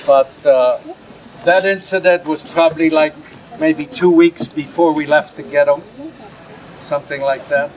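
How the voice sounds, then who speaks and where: A man's voice: on the high side, fairly even intonation, a little slow, rough recording. An older man, a Holocaust survivor, lecturing to an audience in a plain, earnest way and taking their questions. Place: outdoor camp gathering.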